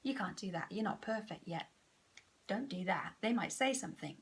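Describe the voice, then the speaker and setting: A woman voicing her own ego as a cautious, nagging female inner voice, hushed and warning. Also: fairly high pitch, lively intonation, normal speed, husky.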